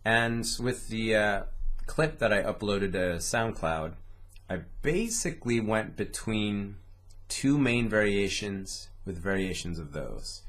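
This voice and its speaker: A man's voice: lowish voice, animated, slow pace, a bit bright. A man teaching a didgeridoo lesson, patiently explaining a rhythm step by step and speaking its syllables aloud. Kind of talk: instructional lesson, talking through rhythms.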